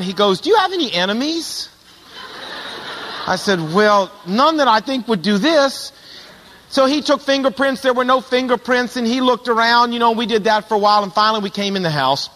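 A man's voice: sits high, pushed and bright, long reverb tail. A middle-aged male pastor telling stories in a sermon, animatedly acting out the voices of the people in them. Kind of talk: sermon storytelling.

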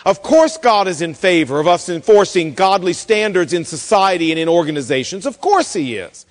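A pastor with a high-pitched voice preaches a sermon at a moderate pace, his words echoing as if in a big room. He tells a story in an animated way, acting out the voices of the people in it.

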